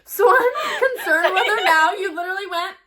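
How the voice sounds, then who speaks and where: A woman's voice: extremely high pitch, huge pitch swings, moderate pace, sharp tone, slight background noise. A young woman co-hosting a casual chat, blunt and jokey, swearing freely. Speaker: co-host.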